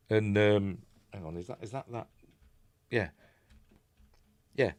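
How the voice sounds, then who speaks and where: A man's voice: lowish voice, moderate pace, pauses often, no echo, clean studio sound. An older man with a Yorkshire accent giving a rambling, chatty film commentary while watching along. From Yorkshire, England. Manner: rambling, chatty, hums the score. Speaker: film reviewer. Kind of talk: casual commentary over a film.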